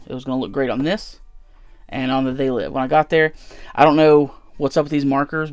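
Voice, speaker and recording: A man with a medium-pitched voice casually rambles through his convention haul in a vlog, using plenty of fillers. The recording is dry.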